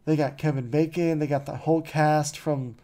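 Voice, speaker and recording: A man hosting a podcast in an easygoing, rambling chat, his voice mellow and dark-toned. He drifts between thoughts with plenty of "like" and "you know" and tosses in dry, mocking asides. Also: on the high side, fairly even intonation, moderate pace. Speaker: podcast host. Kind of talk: casual chat.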